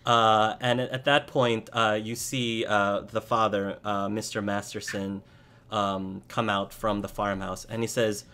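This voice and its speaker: A man narrating as game master of a tabletop game, with many pauses and fillers. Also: on the low side, level tone, bright, forceful tone, smooth. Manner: unhurried, filler-heavy narration.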